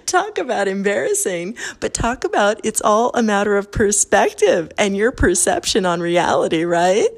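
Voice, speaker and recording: A woman's voice: medium pitch, animated, measured pace, gravelly. A middle-aged woman leaving a casual voicemail, telling a funny story and laughing between lines.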